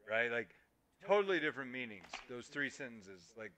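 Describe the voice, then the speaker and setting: A man's voice: medium pitch, big pitch swings, normal speed, bright, forceful tone, a little hiss or hum. A man co-hosting a casual gaming podcast, explaining things in an emphatic way and swearing casually. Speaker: podcast co-host. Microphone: streaming microphone.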